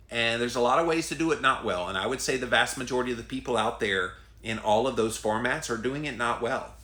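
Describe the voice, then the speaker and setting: A middle-aged man with a Southern US accent, hosting a casual live stream and reading out viewer comments in an earnest, chatty, drawn-out way. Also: mid-range voice, sharp tone, roomy sound. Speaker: host.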